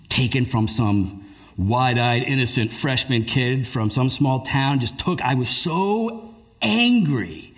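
A man preaching a sermon, telling a story with lively delivery and acting out the people in it. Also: mid-range voice, slow. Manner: animated storyteller, acts out voices. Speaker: pastor.

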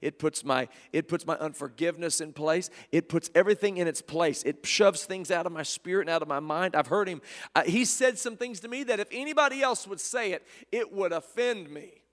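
A male preacher delivering a sermon, swinging between loud fervor and hushed softness and repeating phrases. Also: sits high, fairly quick. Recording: long hall reverb.

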